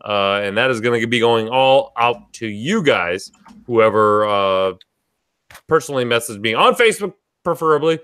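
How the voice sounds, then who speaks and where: Boisterous man hosting, lively pitch. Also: moderate pace, clean tone. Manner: boisterous, joking, swears freely. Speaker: podcast host. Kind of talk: casual live podcast chat.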